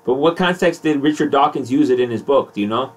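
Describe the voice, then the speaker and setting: A young man rambling through a comedic podcast chat, laughing easily as he goes. His voice sits at an ordinary pitch and sounds a little set back from the mic. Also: fast, far from the mic. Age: young adult. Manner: jokey, laughs often, rambling. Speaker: podcast host.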